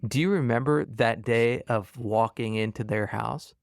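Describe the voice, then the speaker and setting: A man's voice: mid-range voice, unhurried, gravelly, no echo, studio quality. A man hosting an interview, attentive and reacting with short laughs and comments. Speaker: host, interviewer. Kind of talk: casual interview.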